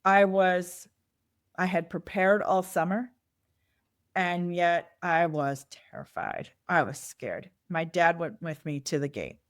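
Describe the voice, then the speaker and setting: A woman's voice: on the low side, slow, no echo, studio quality. A middle-aged woman, a podcast guest who tells personal stories candidly and reflectively. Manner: reflective storyteller, acts out quoted dialogue. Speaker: nonprofit fundraising consultant, guest.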